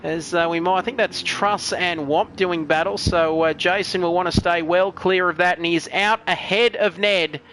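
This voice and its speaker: Chatty commentator with a high, bright voice, over a faint background hiss. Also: male voice, steady tone, normal speed, hardly any pauses. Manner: chatty, joking, reads chat messages aloud. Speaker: race commentator. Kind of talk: sim racing commentary.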